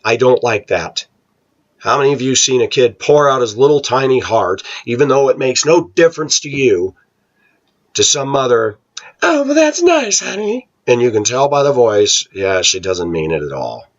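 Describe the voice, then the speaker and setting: A man's voice: lively intonation, normal speed, lo-fi sound. A middle-aged American man ranting in a casual, opinionated monologue, sometimes mocking other people's voices. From United States. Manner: opinionated, scornful, mocks voices in falsetto. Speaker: vlogger.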